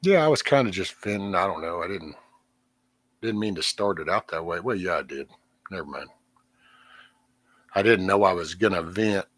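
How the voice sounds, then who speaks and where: With a low-pitched, slightly rough voice that comes across bright and forceful, a middle-aged host vents on his home livestream. He rambles, swears often, and trails off, and the recording has no room sound.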